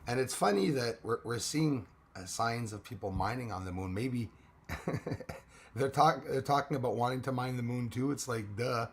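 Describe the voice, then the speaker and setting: A man hosting a casual live stream chat, hoarse and losing his voice, greeting viewers by name. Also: medium pitch, moderate pace.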